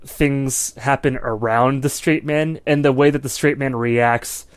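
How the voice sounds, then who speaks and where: A man's voice: mid-range voice, steady tone, a little slow, smooth, dry recording. A man co-hosting a casual movie review podcast, talking in long, loose stretches full of "like" and "you know". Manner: rambling, heavy use of "like" and "you know". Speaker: podcast co-host. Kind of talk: casual film review chat.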